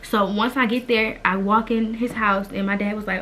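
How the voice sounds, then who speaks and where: A young adult woman vlogger telling a personal story in an emphatic, animated, slangy way. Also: mid-range voice, normal speed, a little hiss or hum. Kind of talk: storytime vlog.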